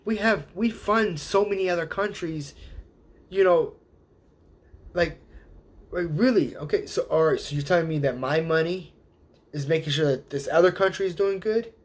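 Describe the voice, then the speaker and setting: An animated man with a slightly high voice, hosting a live stream as a casual monologue. He rants in plain everyday speech and jumps into quick impressions of the people he quotes. His voice sits a little above the usual male range. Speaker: host.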